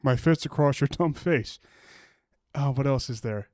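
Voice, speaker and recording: Here a streamer mocks online posts in a profane, irritated, casual rant, often starting his sentences over. He speaks unhurriedly in a medium, darkish voice, and the studio-quality recording has no echo.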